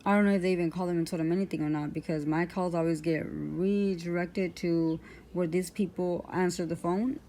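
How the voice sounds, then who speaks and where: Brief: woman in a vlog rant, lowish voice, aggrieved, rambling with lots of ums. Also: steady tone, a little fast, warm tone, slight background noise. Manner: rambling, full of fillers and restarts; aggrieved, indignant. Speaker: vlogger. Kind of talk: personal storytelling rant.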